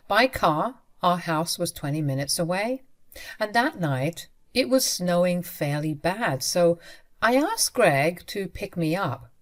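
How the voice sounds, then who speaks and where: A young adult woman narrating a first-person story in a conversational way, speaking directly to her listeners. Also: lowish voice.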